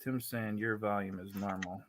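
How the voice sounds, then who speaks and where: A man's voice: fairly low pitch, fairly even intonation, normal speed. A man hosting a casual livestream, rambling and interrupting himself, talking into a laptop mic, with a Spanglish accent. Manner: rambling, self-interrupting, laughs often. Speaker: livestream host.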